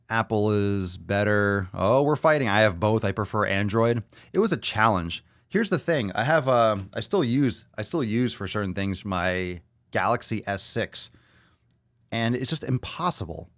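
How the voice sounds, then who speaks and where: A lower-pitched man holds forth on his own podcast, rambling loosely with lots of swearing and jokes. The sound is dry and close, with no room around the voice. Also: dry recording. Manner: loose, profane, joking, puts on silly voices. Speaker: podcast host. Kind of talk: casual solo podcast rant.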